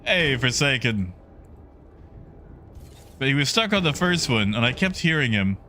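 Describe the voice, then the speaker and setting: A man's voice: medium pitch, very animated, measured pace, pushed and bright, slight background noise. A man streaming a game, chatting casually and greeting viewers in the chat by name.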